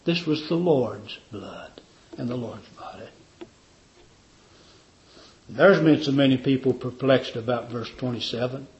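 A man's voice: mid-range voice, a little slow, pauses often, highs cut off. A man preaching a communion sermon in a fervent, repetitive cadence.

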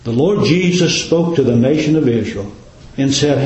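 A man's voice: mid-range voice, moderate pace, a little mellow, lo-fi sound. A man preaching a sermon in a folksy, dramatic cadence, full of rhetorical questions. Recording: very echoey room.

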